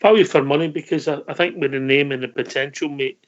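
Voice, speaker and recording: Host, easygoing chat, slightly higher voice, dull mic sound. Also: male voice, steady tone, quick pace. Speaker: radio show host. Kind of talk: casual fan radio chat.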